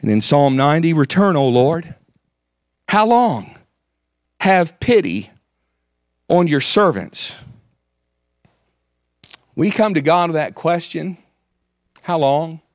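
A man's voice: a little high, expressive, slow, long pauses, dry recording, clean studio sound. A man preaching a sermon, earnestly quoting scripture. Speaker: pastor.

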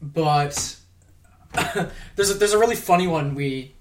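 A man who works in props chats casually as a podcast guest, rambling, laughing as he tells stories, and swearing now and then. His voice is on the high side and his pace unhurried.

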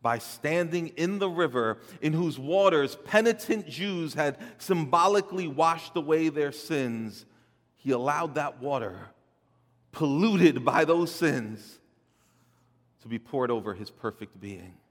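A man's voice: fairly high pitch, expressive, slow pace. Male preacher, sermon delivery, rises and falls in volume, long hall reverb. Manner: dynamic delivery, swelling loud then dropping soft, with repeated words. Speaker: pastor.

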